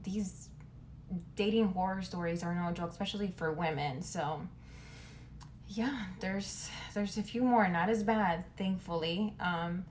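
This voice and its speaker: Chatty young woman telling a story, lowish. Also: a little slow, darkish tone, slight background noise. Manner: chatty, lots of "like", acts out quotes. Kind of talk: casual storytelling.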